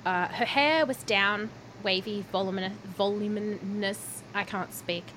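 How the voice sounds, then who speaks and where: A woman's voice: mid-range voice, a little slow, fairly bright tone, a little hiss or hum. A woman co-hosting a podcast, giggly and teasing in casual chat. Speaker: podcast co-host. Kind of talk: casual chat recapping a reality show.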